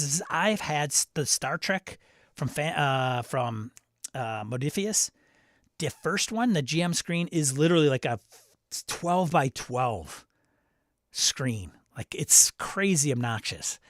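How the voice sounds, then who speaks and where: A man's voice: fairly high pitch, sing-song, measured pace, fairly bright tone, no room sound, clean studio sound. A man hosting a live game stream, reading viewer comments aloud and chatting in a loose, self-interrupting way. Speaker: stream host.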